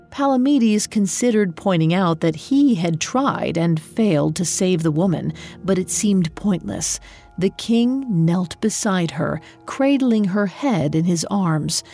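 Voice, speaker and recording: A woman tells an old legend in a slow, measured storybook narration. Her voice is dark, mellow and slightly husky. Soft music plays quietly behind her. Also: on the low side, animated.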